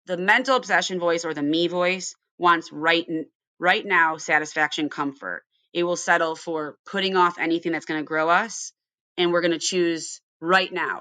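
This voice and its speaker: A woman's voice: fairly low pitch, moderate pace, sharp tone, no echo. A woman from Ohio hosting a casual recovery podcast, earnest and storytelling, often asking her guests questions. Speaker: podcast host.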